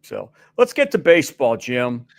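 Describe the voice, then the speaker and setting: A man's voice: medium pitch, wildly swooping pitch, moderate pace, vocal fry. A middle-aged man as a guest on a sports radio show, chatting casually and rambling with many restarts and fillers.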